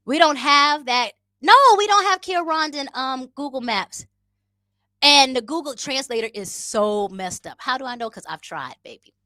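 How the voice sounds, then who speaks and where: A woman's voice: medium pitch, pushed and bright, no room sound, clean studio sound. A woman vlogging in a casual, playful way, talking to her viewers and trying out new words. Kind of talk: casual vlog chat. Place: living abroad in East Africa.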